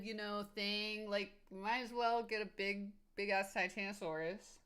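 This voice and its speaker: A woman's voice: mid-range voice, steady tone, moderate pace, hardly any pauses, a bit bright, smooth. A woman streaming casually, answering viewers' comments in a rambling, enthusiastic way full of "like" and "um". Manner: rambling, filler-heavy with frequent "like" and "um"; enthusiastic, laughs easily.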